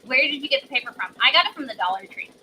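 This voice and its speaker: A woman's voice: high voice, lively intonation, racing, pushed and bright, slight background noise. A woman hosting a live craft demo, chatty and bubbly, laughing often as she reads viewer comments.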